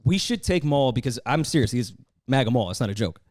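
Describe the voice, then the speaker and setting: Fast-talking, blunt New man. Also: medium pitch, animated, a little mellow, dry recording, clean studio sound. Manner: quick, blunt, swearing storyteller. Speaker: podcast guest. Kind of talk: casual podcast chat.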